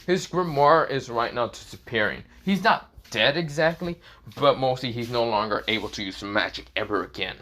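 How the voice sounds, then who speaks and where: A man narrates a fan story off the cuff, circling back on himself with constant filler phrases. His voice is bright and forceful, with an ordinary, middling pitch. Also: moderate pace. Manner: rambling, many fillers and restarts.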